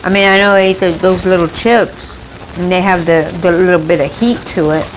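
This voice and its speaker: A woman's voice: lowish voice, steady tone, brisk, background noise. A woman hosting a mukbang eating show, chatting and rambling casually between bites, with a runny nose. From United States. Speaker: mukbang vlogger.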